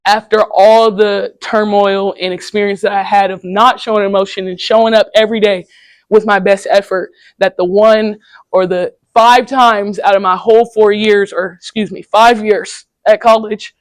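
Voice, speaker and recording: A woman's voice: medium pitch, steady tone, moderate pace, no echo. Candid young woman speaking in a dry classroom. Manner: casual, candid storytelling with slang. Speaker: guest speaker at a high school. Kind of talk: candid personal talk to students.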